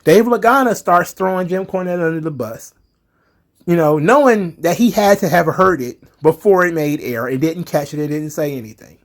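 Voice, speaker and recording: Man, fairly high voice, angry ranting commentary, profane, heated, emphatic. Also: lively intonation, normal speed. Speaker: wrestling commentary vlogger.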